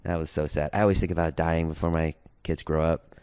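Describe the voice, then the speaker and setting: A man's voice: very deep voice, a little fast, smooth. A man co-hosting a podcast, telling a story in casual chat and acting out the other people's lines as he goes. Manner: animated storyteller, acts out quotes. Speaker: podcast co-host.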